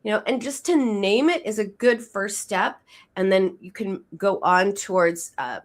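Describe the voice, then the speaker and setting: A woman's voice: mid-range voice, unhurried. Emphatic woman psychoanalyst, interview guest. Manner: emphatic, restarts words when excited. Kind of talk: interview explanation.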